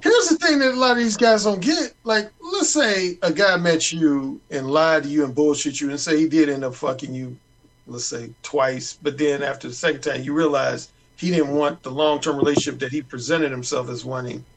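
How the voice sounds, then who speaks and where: A man's voice: on the high side, moderate pace, rough recording. A man who writes dating advice books, speaking bluntly and explicitly in casual chat.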